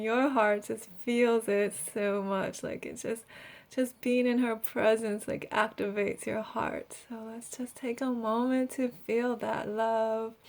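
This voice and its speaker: A young adult woman leading a guided healing meditation, talking softly and breathily with frequent giggles and trailing pauses. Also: fairly high pitch. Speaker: energy healer.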